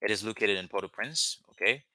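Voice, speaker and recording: Man teaching in bright voice. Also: lowish voice. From Haiti. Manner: explains slowly with frequent "okay?" checks and restarts. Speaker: language teacher. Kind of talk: casual language lesson.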